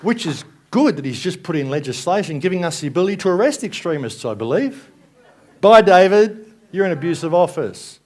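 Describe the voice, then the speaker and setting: A man's voice: a little high, big pitch swings, quick pace, hardly any pauses, a little mellow, a faint crowd. A man giving an angry, sarcastic presentation at a live event, swearing and ranting. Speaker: speaker at a conference.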